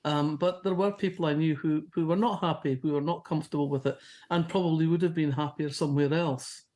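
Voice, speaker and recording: A woman with a softened Fife Scottish accent, talking as a guest in a relaxed interview. She tells anecdotes in a chatty, storytelling way, pausing and restarting as she thinks. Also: low voice. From Scotland. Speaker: novelist guest. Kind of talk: casual interview chat.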